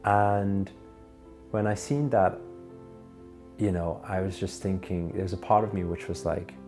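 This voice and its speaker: A man telling a personal story as a monologue, earnest, rising to emphatic peaks and then dropping low and soft. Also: steady tone, slow, pauses often, over music.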